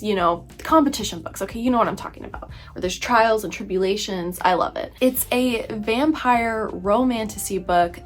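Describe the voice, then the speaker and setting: A young woman in her twenties chatting casually about books she read, gushing and rambling with lots of "like". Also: medium pitch. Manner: gushing, rambling, heavy use of "like". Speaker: book vlogger. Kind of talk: casual book review chat. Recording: faint background music.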